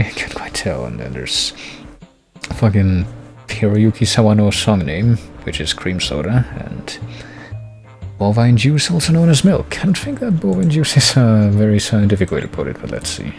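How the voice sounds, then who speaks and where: Gravelly, wry male streamer. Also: on the low side, a little mellow. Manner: wry, rambling, chuckling asides. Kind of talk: casual game commentary.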